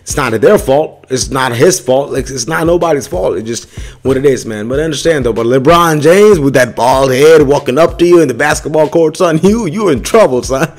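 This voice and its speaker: A man's voice: medium pitch, moderate pace. A young man hosting his own show, talking in a loose, casual monologue full of street slang and filler asides. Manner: loose street slang, keeps tossing in "bro" and "son".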